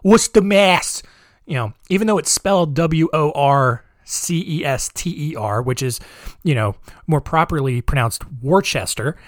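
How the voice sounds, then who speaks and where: A man's voice: a little high, normal speed, no echo, studio quality. A man hosting a podcast, talking in a casual, sarcastic, rambling way with joking asides. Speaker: podcast host.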